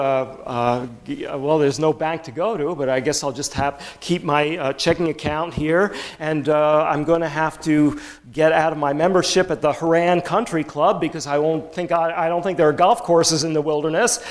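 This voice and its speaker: A man's voice: fairly high pitch, fairly even intonation, moderate pace, close to an everyday voice. A preacher doing Abraham, muttering over his move. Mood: fussing. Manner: muttering, fussy to-do list. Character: biblical patriarch Abraham, grumbling about moving.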